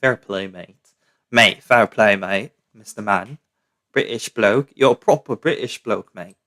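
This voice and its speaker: A man's voice: mid-range voice, fairly even intonation, a little fast, fairly bright tone, close to an everyday voice. A young man doing a playful mock British accent as a joking bloke character. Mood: teasing.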